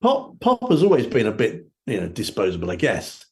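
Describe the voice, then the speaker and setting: A man's voice: medium pitch, huge pitch swings, moderate pace. A man guesting on an interview show, chatting casually and telling rambling stories with many fillers. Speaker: guest musician.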